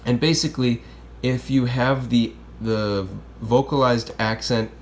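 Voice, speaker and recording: Casual male teacher with an average-pitched voice, talking through grammar and checking in with students, some faint noise behind him. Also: steady tone, unhurried. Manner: casual and chatty, checks in with "okay?" and "right?". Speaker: Spanish teacher. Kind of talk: classroom lesson explaining grammar.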